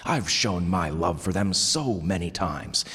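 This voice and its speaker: A man voicing an ancient, fiery, bearded god who rumbles darkly and blusters with wounded pride. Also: lively intonation, measured pace, bright, forceful tone, slightly rough, long reverb tail, full character voice. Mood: indignant. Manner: rumbling, indignant.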